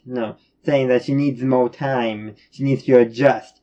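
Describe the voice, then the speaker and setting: A man's voice: mid-range voice, steady tone, measured pace, mellow. Rambling man on dull lo-fi audio. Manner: rambling, many restarts and fillers. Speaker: reviewer of animated episodes. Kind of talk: casual spoken review.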